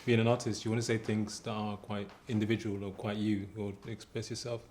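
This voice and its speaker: A man's voice: lowish voice, level tone, fairly quick, a little mellow, a little hiss or hum. A male interviewer, talking in a hesitant way with many fillers. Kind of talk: interview questions.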